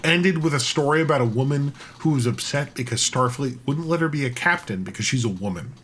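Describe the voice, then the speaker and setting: A man co-hosting a podcast in casual chat, animated and rambling, with frequent restarts and casual swearing. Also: mid-range voice, brisk, a little hiss or hum. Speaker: podcast co-host.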